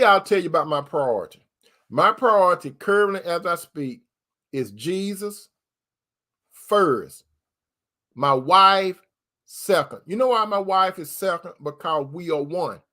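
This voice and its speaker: A man with a high voice talks to his viewers like a preacher. He hammers each point home by repeating it, and keeps calling the listeners brother and sister. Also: bright, forceful tone. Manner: repetitive, emphatic, addresses listeners as brother and sister. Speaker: host giving relationship advice from a Christian view. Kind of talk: preaching-style talk to viewers.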